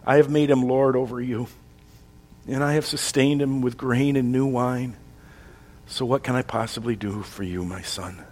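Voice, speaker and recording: A man voicing a frail, grieving old father who speaks low and hushed. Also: steady tone, normal speed, natural voice. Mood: sorrowful. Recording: long reverb of a large hall.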